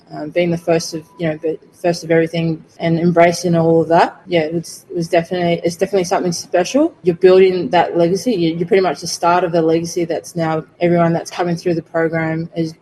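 A woman in her thirties speaks in an even, level tone, answering interview questions sincerely and leaning on filler phrases. A faint hum of background noise sits under her voice. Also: on the low side, rough recording. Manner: earnest, many "you know" fillers. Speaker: rugby player guest.

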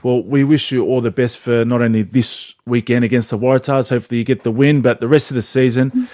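A man's voice: mid-range voice, steady tone, quick pace, darkish tone, dry recording, studio quality. A man hosting a sports show, chatting casually and laughing easily. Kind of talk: casual radio chat.

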